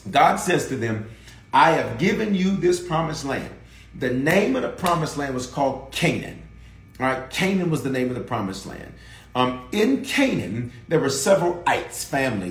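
A man's voice: mid-range voice, reverberant. A man preaching a livestreamed sermon, fervent and rousing, calling out to viewers for responses. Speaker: pastor.

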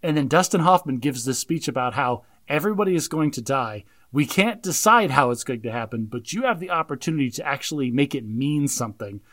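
A man co-hosting a casual movie discussion, excitedly retelling scenes and acting out the lines. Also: medium pitch, fairly quick, hardly any pauses, no echo, clean studio sound. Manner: animated, laughing, acts out quotes. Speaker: podcast co-host.

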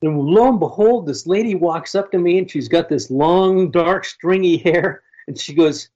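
A man's voice: sits high, normal speed, darkish tone. A man with a slightly raised voice rambles through a casual story, restarting his sentences often. His sound is dull and lo-fi, as if the line muffles it.

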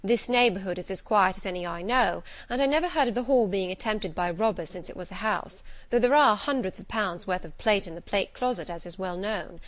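A woman voicing a composed, guarded middle-aged woman servant who speaks in a demure, measured way. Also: medium pitch, no room sound, lightly acted.

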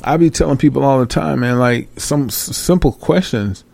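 Gravelly-voiced man ranting with profanity. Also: mid-range voice, expressive, normal speed, mellow, dry recording. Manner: profane, exasperated, laughs often. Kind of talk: casual ranting commentary.

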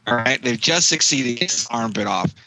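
A man's voice: medium pitch, lively intonation, normal speed, bright, forceful tone, dry recording, poor audio. A man co-hosting a casual movie podcast, recapping scenes with wry, dry asides. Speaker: podcast co-host.

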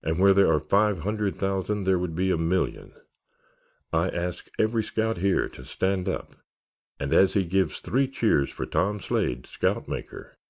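A man's voice: low voice, darkish tone, heavily acted. A man reading the part of a genial male scoutmaster giving an earnest, rallying speech in an audiobook. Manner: earnest, oratorical, rallying cheers.

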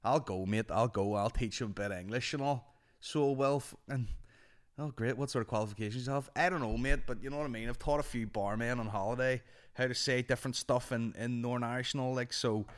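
A man putting on the voice of a crude, loud male teacher working abroad, who swears as he talks. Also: mid-range voice, brisk, lightly acted. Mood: brash. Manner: brash, sweary, cheeky.

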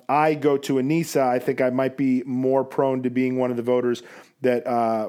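Male podcast host, mid-pitched, easygoing chatter with plenty of ums. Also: a little mellow. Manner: conversational, many fillers. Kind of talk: casual podcast discussion.

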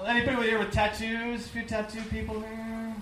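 A man's voice: high voice, monotone, a little fast, echoey room, far from the mic, very noisy. A man from Canada doing a stand-up set in a club, with dry jokes and crowd work. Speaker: stand-up comedian.

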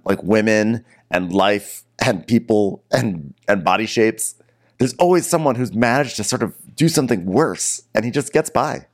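A man co-hosting a podcast, recapping a reality show in wry, animated, casual chat. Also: fairly low pitch. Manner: animated, wry, laughs often. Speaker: podcast co-host.

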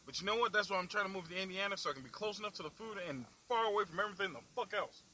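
A man's voice: high-pitched, racing, pushed and bright, slight background noise, rough recording. Foul-mouthed man ranting in his car. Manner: angry, foul-mouthed, laughing at himself. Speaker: vlog host. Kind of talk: profane ranting while driving. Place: in a car in the city.

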